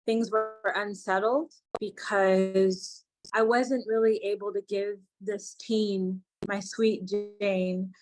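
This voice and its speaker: A woman's voice: medium pitch, a little mellow, rough recording. A woman who mentors young people, telling a personal story in a candid, reflective way and acting out the dialogue she quotes. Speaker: youth mentor.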